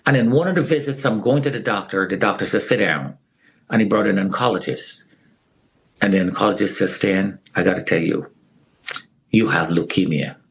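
A man's voice: fairly low pitch, fairly quick, gravelly, husky, low-quality recording. A middle-aged man telling his survival story with earnest feeling, acting out the people he quotes. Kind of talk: emotional personal testimony.

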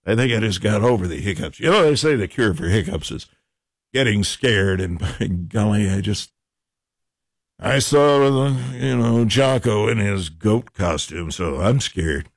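A man hosts a morning radio show in a rambling, jokey way, fighting the hiccups as he talks. His pitch swings up and down all the time. The sound is dry and close. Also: animated, measured pace, no echo. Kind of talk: casual radio show chat.

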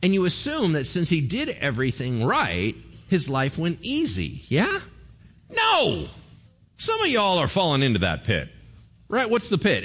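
A man's voice: a little high, wildly swooping pitch, measured pace, a bit bright. A man preaching a sermon in a casual, conversational way, with slang and playful asides. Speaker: pastor.

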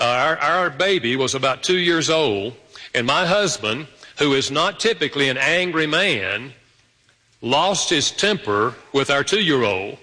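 A man preaching a sermon, telling stories with sudden jumps up in pitch. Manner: storytelling with animated pitch jumps. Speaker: pastor. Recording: long hall reverb.

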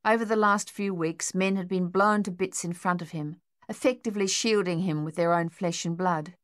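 A woman narrating an audiobook in a measured, even reading. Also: lowish voice. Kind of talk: scripted narration.

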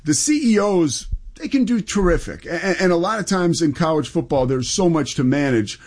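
A man's voice: fairly high pitch, lively intonation, normal speed, darkish tone. A man co-hosting a casual sports talk show, telling interview stories in an enthusiastic, conversational way.

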